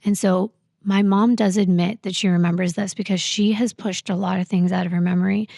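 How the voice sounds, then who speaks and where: Woman, podcast guest, personal storytelling, gravelly fry, dry close mic, halting with fillers. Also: medium pitch, steady tone, warm tone, no echo. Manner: halting, reflective, with many fillers.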